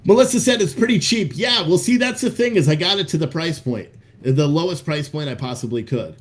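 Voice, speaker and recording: A man's voice: on the high side, expressive, fairly quick. A man hosting a live stream, chatting casually with viewers in a loose, profane, hyped-up way. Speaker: livestream host selling coffee.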